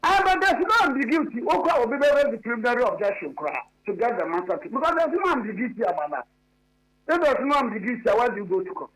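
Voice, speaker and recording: A political commentator with a strikingly high voice debates politics on a radio talk show, emphatic and insistent, repeating the same point until it lands. His delivery is sing-song, fast and a bit bright, and the recording quality is low.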